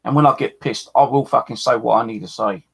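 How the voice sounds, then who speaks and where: Brief: husky-voiced streamer, furious rant, lots of swearing and repetition. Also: male voice, medium pitch, fairly even intonation, brisk. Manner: angry, swearing, repeating himself. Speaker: paranormal live streamer. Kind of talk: angry live-stream rant.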